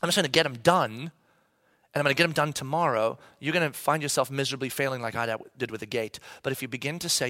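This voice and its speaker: A pastor in his thirties preaches fast in a mid-range voice, recorded dry. His sermon includes a funny family story, told with animation as he acts out his kids' voices.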